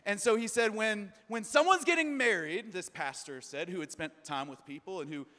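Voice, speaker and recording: A high-pitched man preaches to his congregation, loose and conversational, telling jokes on himself with plenty of "like" and "you know." His voice rings out with a long reverb, as in a large auditorium. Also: moderate pace, sharp tone. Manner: conversational, self-deprecating storytelling with frequent fillers. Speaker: pastor. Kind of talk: sermon.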